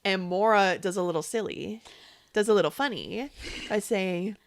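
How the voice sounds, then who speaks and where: A woman co-hosting a podcast, chatting casually in an animated way, laughing and acting out quotes. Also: medium pitch, moderate pace. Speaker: podcast co-host. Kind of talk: casual recap chat.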